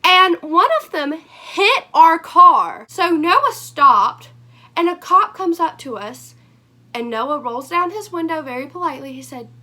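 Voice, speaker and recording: A young woman telling a rambling storytime vlog, animated and full of fillers, her voice hoarse. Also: extremely high pitch, slow. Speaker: vlogger.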